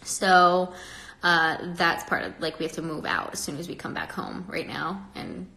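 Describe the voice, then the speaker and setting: A woman's voice: sits low, moderate pace, vocal fry, reverberant. A young woman hosting a casual livestream, talking to viewers in a chatty, rambling way with frequent laughs and a slightly stuffy nose. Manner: chatty and rambling, laughs often, gets animated when annoyed. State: pregnant, a bit stuffy-nosed. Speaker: livestream host.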